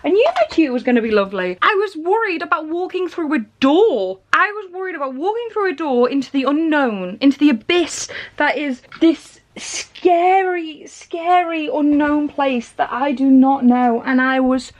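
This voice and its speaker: High-voiced tired woman vlogger. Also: animated, normal speed, hardly any pauses, lo-fi sound. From England. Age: 30s. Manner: tired, emotional and rambling. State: weary after crying. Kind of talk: personal vlog talk.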